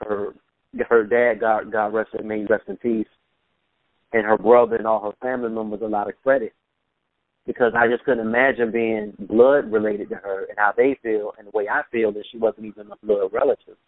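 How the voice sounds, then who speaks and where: Calling in for a phone interview, a man with a lowish voice reminisces in a relaxed, storytelling way. He laughs briefly from time to time and mimics voices as he recounts anecdotes. The audio is tinny and dry.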